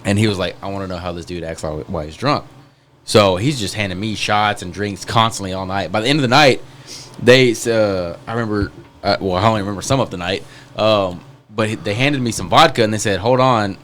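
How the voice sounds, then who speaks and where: A man's voice: on the low side, a little fast, a bit bright, a little hiss or hum. A young man, telling rambling, self-deprecating stories in a casual podcast chat.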